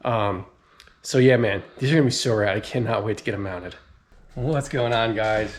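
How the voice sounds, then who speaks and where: A young man in a casual garage vlog, talking with laid-back slang and excitement while he works on his car. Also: on the low side, moderate pace. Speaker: car modding vlogger.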